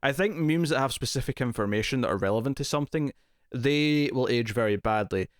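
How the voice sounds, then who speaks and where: A man co-hosting a casual TV review podcast, jokey and quick to laugh. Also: medium pitch, no echo, studio quality. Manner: laughs often, jokey, self-mocking. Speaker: podcast co-host.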